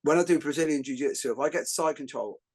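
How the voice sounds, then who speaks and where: Middle-aged man, slightly higher voice, podcast host, jokey rambling storyteller. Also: quick pace, slightly rough. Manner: animated storyteller, jokey, many fillers and restarts. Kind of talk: casual podcast conversation.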